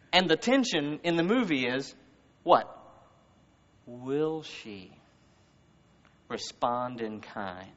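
A man with a Southern US accent preaching a conversational sermon, swinging between loud emphasis and hushed words. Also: a little high. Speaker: guest speaker. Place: church service. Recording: muffled reverberant hall recording.

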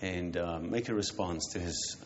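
Low-voiced pastor gently leading prayer. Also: male voice. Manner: gentle, measured, with pauses and fillers. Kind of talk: calm invitation to prayer. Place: church service. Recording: muffled church recording with faint noise.

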